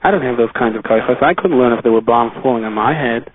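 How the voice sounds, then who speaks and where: A man's voice: medium pitch, fast, no room sound, pitched below the performer's own voice, close to an everyday voice. A man voicing a child musing in awe about his parents, heard over a tinny phone line. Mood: awed.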